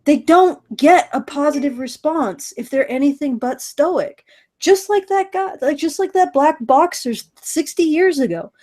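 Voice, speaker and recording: A woman co-hosting a casual podcast, talking in a profane, animated, self-deprecating way. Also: sits high, a little slow. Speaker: podcast co-host.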